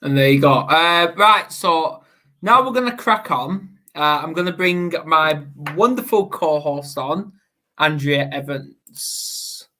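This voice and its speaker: Give me a man hosting a casual live show, talking slowly with plenty of fillers. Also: a little high, lively intonation, bright, forceful tone. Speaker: host. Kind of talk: casual livestream chat.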